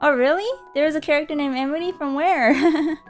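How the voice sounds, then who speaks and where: A woman's voice: sits high, brisk, soft background music. Giggly young woman streaming a game. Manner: giggly, laughs often between lines. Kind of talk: casual game livestream chat. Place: home room at night.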